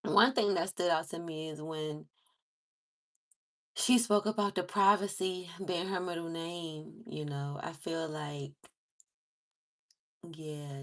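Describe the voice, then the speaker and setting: A woman vlogger in casual chat, animated and exclaiming, laughing often as she talks. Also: deep voice. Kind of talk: casual chat with read-aloud lyrics.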